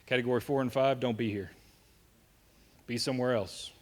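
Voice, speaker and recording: A man's voice: mid-range voice, fairly even intonation, moderate pace. A young man with a Southern American accent, giving a joking, conversational safety talk to a live audience and often checking in with "right?". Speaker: safety presenter. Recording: long hall reverb.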